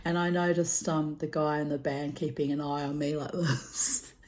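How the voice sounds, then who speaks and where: Older woman, vlogger, low-ish voice, rambling and giggly anecdotes. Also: level tone, brisk, a little mellow. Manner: chatty, laughs often, lots of fillers. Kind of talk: rambling personal storytelling.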